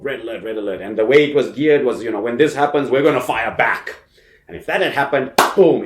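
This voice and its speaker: A man teaches a university class, talking through ideas casually and checking in with his listeners as he goes. His pitch rises and falls in a lively way. The sound echoes as if recorded in a large lecture room. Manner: conversational, frequent "okay" and "you know", emphatic.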